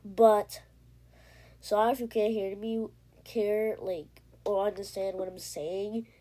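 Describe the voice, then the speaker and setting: Slow-talking woman chatting over a game. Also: medium pitch. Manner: chatty, easily excited, rambling with restarts. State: heavy breathing. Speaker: gamer. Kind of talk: casual gameplay commentary. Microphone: iPad.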